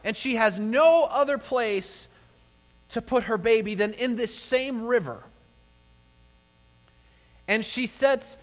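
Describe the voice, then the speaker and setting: A middle-aged pastor preaches a sermon in a church sanctuary, telling stories animatedly and putting questions to the congregation. His voice is very high-pitched and slow, with long pauses, and the recording has a long hall reverb.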